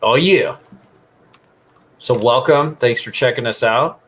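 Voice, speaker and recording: A man's voice: mid-range voice, slow pace. A man co-hosting a live stream, chatting in an easygoing, storytelling way. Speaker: co-host of a live art stream. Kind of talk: casual live-stream chat.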